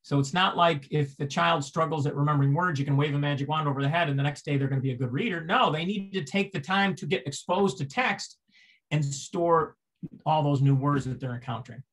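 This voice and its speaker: A man's voice: on the high side, brisk, fairly bright tone. A man giving a seminar lecture, explaining step by step, asking rhetorical questions and restarting phrases as he goes.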